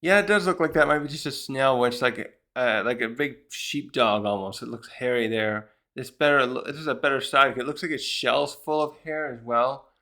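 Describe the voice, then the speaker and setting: A man's voice: medium pitch, normal speed, few pauses, pushed and bright. A man casually recapping a comic chapter, rambling with many fillers and restarts and briefly acting out the characters' lines. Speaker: manga reviewer.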